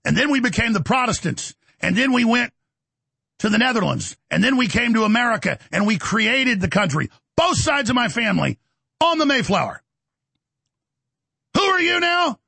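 A middle-aged man, hosting a heated, mocking monologue and often shouting. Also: high voice, very animated, fairly quick, vocal fry, breathy edge, dry recording. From Texas. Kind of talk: ranting monologue.

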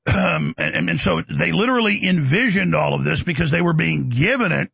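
A middle-aged man, hosting a heated, mocking monologue and often shouting. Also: fairly high pitch, animated, a little fast, vocal fry, slightly rough, no echo. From Texas. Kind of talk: ranting monologue.

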